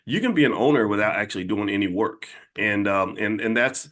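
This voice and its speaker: Middle-aged guy w a lowish voice just talking to his viewers, earnest, repeats himself a lot. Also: a little fast, fairly bright tone. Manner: conversational, repeats phrases and restarts, earnest. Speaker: channel host and finance educator. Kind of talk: casual monologue to viewers.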